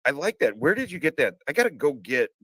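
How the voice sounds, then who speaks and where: A man's voice: fairly high pitch, sing-song, quick pace, a bit bright, breathy edge, no room sound, poor audio. A man hosting a live conversation, talking casually with lots of swearing and restarts. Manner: swears a lot, rambling with restarts. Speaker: podcast host. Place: home room, car parked outside.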